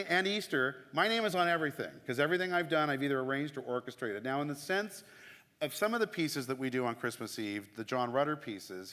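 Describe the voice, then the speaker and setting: A man's voice: medium pitch, bright, forceful tone. A man, a church music director, chatting casually and enthusiastically about his craft. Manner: enthusiastic, chatty, self-deprecating asides. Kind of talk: casual explanatory talk. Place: church sanctuary. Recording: long hall reverb.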